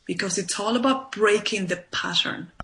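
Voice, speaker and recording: Bright-voiced woman life coach. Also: medium pitch, normal speed, slight background noise. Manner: emphatic, repeats points with "right?" and "you know". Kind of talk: conversational interview.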